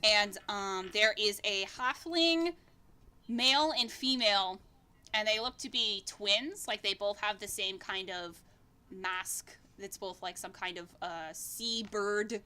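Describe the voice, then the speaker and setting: A woman's voice: mid-range voice, takes it slowly, bright, forceful tone, smooth. A woman narrating a tabletop game as game master in a casual, rambling way, swearing freely.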